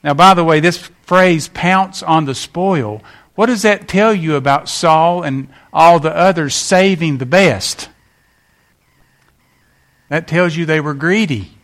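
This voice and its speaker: A man preaches in a folksy, storytelling way. His voice sits a little higher than most men's. He breaks into lively acted-out quotes as he goes. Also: a little slow. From West Virginia. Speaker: pastor. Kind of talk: sermon.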